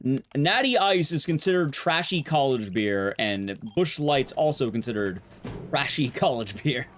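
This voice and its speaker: A man's voice: mid-range voice, lively intonation, a little slow, fairly bright tone. A man streaming a speedrun, telling a rambling story in casual chat and swearing freely.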